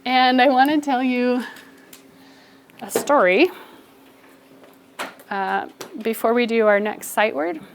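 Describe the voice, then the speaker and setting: A woman teaching a first grade spelling lesson, giving brisk, encouraging instructions to her class. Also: mid-range voice, gravelly, a little hiss or hum.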